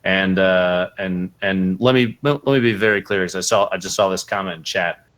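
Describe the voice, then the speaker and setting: A young adult man, a podcast guest who streams, telling a casual story and animatedly acting out quotes with big jumps in pitch. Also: moderate pace, fairly bright tone.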